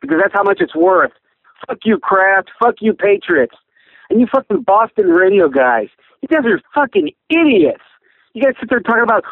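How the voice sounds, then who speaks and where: A man's voice: sits high, sing-song, moderate pace, dry recording. A man phoning in an angry, profane rant, cursing constantly. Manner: profane, furious ranting. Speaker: caller. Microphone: phone. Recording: tinny phone line.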